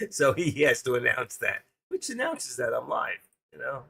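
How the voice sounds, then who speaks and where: This is an older man whose voice is heavily gravelly and husky. He hosts a live trading stream in a rambling, joking way, often thinking aloud as he works. The pitch sits at an ordinary middle level. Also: very animated, slow pace, fairly bright tone. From New York. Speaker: stream host, trader. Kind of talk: casual live-stream chat.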